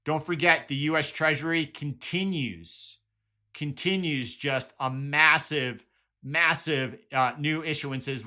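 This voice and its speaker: A man's voice: mid-range voice, sharp tone, smooth. A man hosting casual market commentary, talking conversationally with many restarts and repeated words. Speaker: market analysis host.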